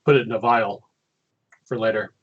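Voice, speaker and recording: A man's voice: fairly low pitch, fairly even intonation, normal speed, husky. A man playing in a tabletop game, dry and self-deprecating in casual chat. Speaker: player. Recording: dull lo-fi sound.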